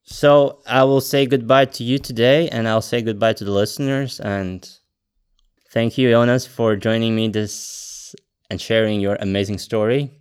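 A man hosting a podcast speaks in a smooth, resonant voice. His phrasing is earnest and a little halting as he speaks directly to his guest and to the listeners. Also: fairly low pitch, fairly even intonation. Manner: earnest, slightly halting non-native phrasing. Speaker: podcast host. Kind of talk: casual interview chat.

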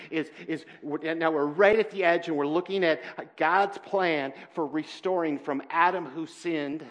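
A man preaching a sermon in church, earnest and halting, swinging between loud emphasis and quiet, heavy moments. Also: on the high side. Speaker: pastor.

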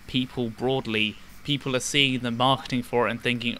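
A man's voice: medium pitch, steady tone, normal speed, hardly any pauses, sharp tone, slight background noise. A man co-hosting a podcast, joking and teasing his friends in casual chat. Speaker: podcast co-host.

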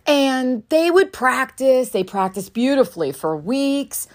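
A woman's voice: sits high, sing-song, measured pace. A woman in her thirties, a mother telling a parenting story in a candid, reflective way, swearing now and then. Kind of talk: casual storytelling monologue.

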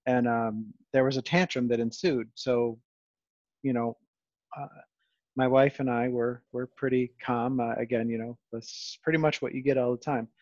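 A man hosts a casual podcast, rambling in a self-deprecating way with many restarts. His medium-pitched, darkish voice has fairly even intonation and a normal pace. The audio is close and dry with no echo or room sound, but a little dull and lo-fi.

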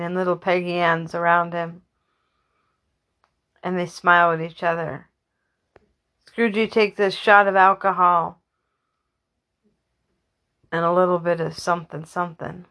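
A woman's voice: fairly low pitch, bright, forceful tone. A woman improvising a comic story loosely, correcting herself as she goes. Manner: loose, with restarts and self-corrections.

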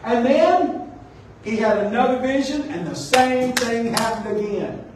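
A man preaching a sermon, animated and joking with his congregation. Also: extremely high pitch, a little slow, noisy background. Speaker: pastor. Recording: echoey room, distant mic.

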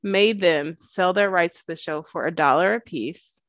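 A woman's voice: on the low side, normal speed, a bit bright, no echo. Woman podcast co-host, casual and talkative, laughs a lot; dry, slightly muffled recording. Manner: chatty, laughs often, acts out quotes. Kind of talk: casual chat.

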